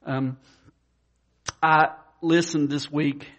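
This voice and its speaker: A man preaching a conversational sermon, talking plainly with many fillers and restarts, and raising his pitch when he voices the people in his stories. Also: steady tone, drawn-out words, a bit bright. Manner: voices quoted characters in a higher pitch. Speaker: pastor.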